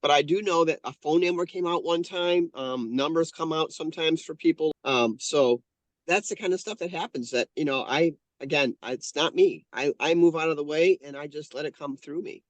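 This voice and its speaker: Speaking at a moderate pace in a fairly high voice, this painter and channeler in his fifties shares a heartfelt personal story as an interview guest. He's earnest and keeps fixing his sentences partway through, and there's no room sound.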